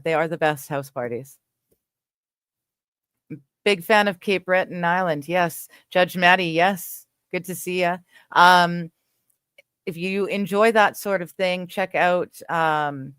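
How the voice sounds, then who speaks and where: Slow, easygoing woman streamer from Canada. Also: lowish voice, clear, resonant tone, no room sound, studio quality. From western Canada. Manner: rambling, laughs often, easygoing. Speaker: livestream host reading chat. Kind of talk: casual chat.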